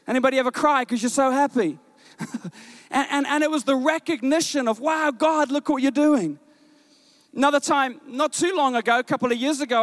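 A male pastor preaching a sermon, telling family stories with many restarts and rising to slow, emphatic exhortation. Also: clear, resonant tone, no echo. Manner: animated storytelling, many repeated words and restarts; rises in pitch and slows when exhorting. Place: church stage.

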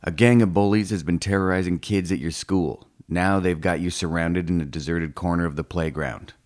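A man reading a humorous book aloud with deadpan, playful delivery. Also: low voice, normal speed. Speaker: audiobook reader. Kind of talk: comic scripted narration.

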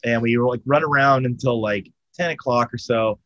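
A man's voice: medium pitch, moderate pace, a bit bright, no echo, lo-fi sound. A man telling a long story in casual, profane chat, full of fillers and restarts. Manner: rambling and profane, with lots of fillers. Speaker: storyteller among friends.

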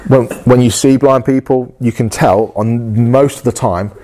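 A man's voice: mid-range voice, fairly even intonation, measured pace, dark tone. A man preaching a sermon in an earnest, passionate way, often repeating and restarting his phrases.

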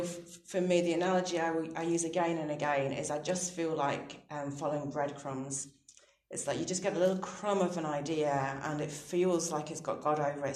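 Interview guest: a woman in her thirties with a low voice, telling reflective personal stories, quick to laugh at herself, recorded in a roomy, echoey space. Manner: thoughtful, soft-spoken, laughs readily at her own stories. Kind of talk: reflective personal storytelling on faith.

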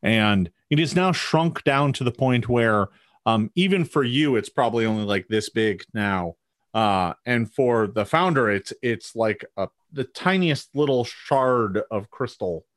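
A man's voice: medium pitch, expressive, measured pace, no echo. A man narrating as game master of a tabletop game, hesitant and full of ums and restarts.

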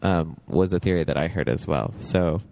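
A man's voice: low-pitched, normal speed, gravelly, a little mellow. A man chatting casually about a TV show, rambling with lots of fillers and laughs.

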